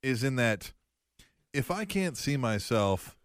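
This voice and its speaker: A man's voice: medium pitch, very animated, takes it slowly, no room sound, clean studio sound. A man co-hosting a podcast, chatting casually and joking, laughing often and swearing casually. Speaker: podcast co-host. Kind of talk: casual chat.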